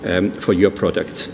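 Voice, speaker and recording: An older man with a deep voice and vocal fry gives a public presentation in a large museum hall, telling stories and quizzing the audience. The background is noisy, with a long hall reverb and faint room ambience.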